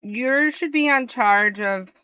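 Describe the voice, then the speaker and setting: Bright, crisp-voiced woman streamer chatting. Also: on the high side, takes it slowly, no echo. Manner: animated gossipy storytelling, addressing chat. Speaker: live streamer. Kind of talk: casual chat with viewers.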